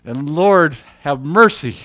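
A man preaching a sermon as a story, chatty and repetitive, breaking into loud acted shouts. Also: on the high side, slow. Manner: animated storyteller who shouts quoted lines; conversational, repeats himself.

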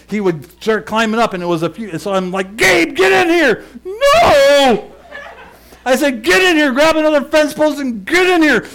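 A middle-aged male pastor preaching and telling a lively personal story, shouting and laughing at its peaks. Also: high voice.

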